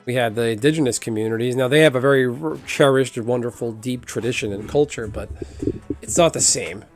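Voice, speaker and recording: A man's voice: mid-range voice, a little fast, faint music behind. Chatty American man, rambling. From United States. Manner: rambling, chatty, swears casually. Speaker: streamer. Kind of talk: casual chat while gaming.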